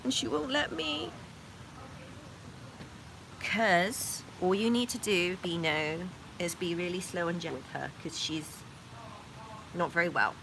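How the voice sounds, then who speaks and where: A woman hosting a casual vlog, talking softly and gently and cooing to her rabbits between explanations. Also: lowish voice, a little slow, background noise. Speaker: rabbit owner and channel host. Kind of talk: casual vlog narration while tending pets.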